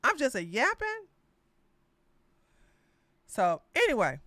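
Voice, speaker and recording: A woman's voice: on the high side, wildly swooping pitch, slow, pushed and bright, no room sound. A woman from Georgia, hosting a casual political chat stream and rambling straight to her viewers. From Georgia, USA. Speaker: podcast host.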